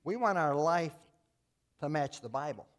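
A man preaching as a Baptist pastor, folksy and plain-spoken, swinging between loud emphatic lines and quiet asides. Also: a little high, animated, measured pace. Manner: folksy, telling jokes and acting out voices. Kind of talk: sermon.

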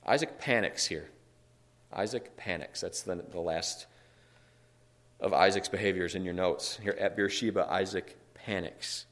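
A man's voice: sits low, unhurried, a bit bright. A man leading a Bible study in a conversational teaching style, reading scripture aloud and explaining it with emphatic asides.

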